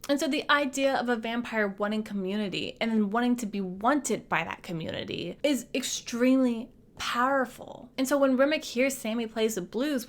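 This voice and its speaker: A young adult woman recapping a movie in a casual, playful way, using slang and shifting her voice a lot as she talks. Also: on the high side. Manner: animated, jumps between voices. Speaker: movie reviewer.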